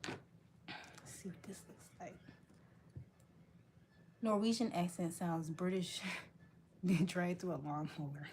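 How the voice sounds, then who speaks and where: A woman's voice: on the low side, slow, long pauses, noisy background. A woman vlogging in casual chat while she works, playful and joking, laughing often.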